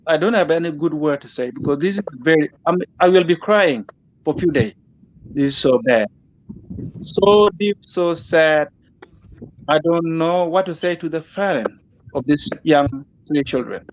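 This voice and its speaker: A man's voice: on the high side, lo-fi sound, slight background noise. A man, a guest in an online interview, making a grieving, impassioned plea that circles back on its words. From South Sudan.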